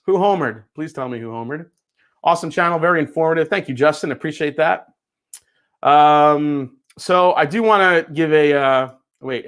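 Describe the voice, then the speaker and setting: A man hosting a casual livestream in a relaxed, chatty way, answering viewers' comments with plenty of fillers and easy laughs. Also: on the high side, clean tone. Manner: many fillers, laughs easily. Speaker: livestream host.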